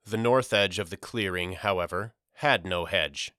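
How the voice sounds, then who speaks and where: A man reading a novel aloud as an audiobook, measured and expressive. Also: sits low, smooth, dry recording, studio quality. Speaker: audiobook narrator. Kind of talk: scripted audiobook narration.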